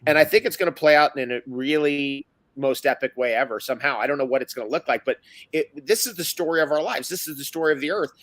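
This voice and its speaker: A man with a somewhat high pitch holds forth in casual conversation. He makes emphatic, sweeping statements and keeps repeating his points for weight. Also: fast talker, fairly bright tone. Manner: emphatic, sweeping, repetitive declarations. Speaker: guest.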